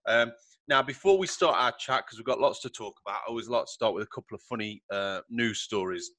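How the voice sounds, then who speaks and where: A man hosting a podcast in a chatty, jokey way and laughing loudly. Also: mid-range voice, quick pace, dry recording. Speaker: podcast host. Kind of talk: casual podcast chat.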